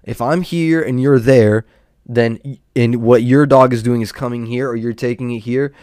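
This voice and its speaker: A man's voice: mid-range voice, fairly even intonation, moderate pace, a little mellow, clear, resonant tone, dry recording, studio quality. A young man hosting a podcast, telling a rambling, profane story about his neighbor in a casual, exasperated rant. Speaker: podcast host.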